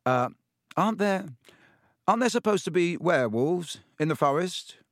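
A man's voice: sits high, lively intonation, unhurried, no echo, studio quality, pitched above the performer's own voice. A man voicing a nervous teenage boy wizard in an audiobook, stammering and anxious. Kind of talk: audiobook reading.

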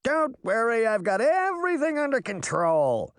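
A man's voice: very high-pitched, sing-song, moderate pace, clear, resonant tone, dry recording, clean studio sound, voice pushed up, full character voice. A man voicing a brash, teasing boy fairy in an audiobook. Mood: cocky. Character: cocky mischievous boy fairy. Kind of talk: audiobook character voice.

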